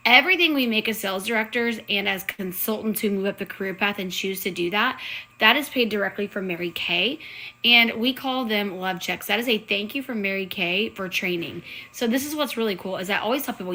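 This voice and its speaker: A woman speaks with a bright, clear tone. She talks in an earnest, chatty way, like a sales director on a live video call. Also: mid-range voice, poor audio. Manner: chatty, earnest, says y'all. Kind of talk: casual live-stream pitch.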